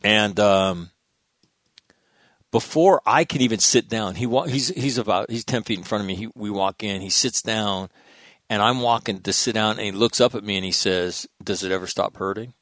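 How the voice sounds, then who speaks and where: Blunt, deep-voiced middle-aged man. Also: moderate pace, a bit bright, no echo, clean studio sound. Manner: emphatic, blunt and profane. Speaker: guest, Marine veteran speaker. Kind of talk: candid storytelling interview.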